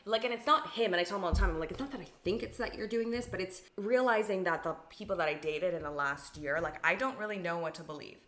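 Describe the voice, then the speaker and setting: A woman's voice: fairly low pitch, fairly bright tone, echoey room. A young woman co-hosting a casual chat, telling personal stories candidly with frequent restarts. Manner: fast, candid storytelling with many restarts.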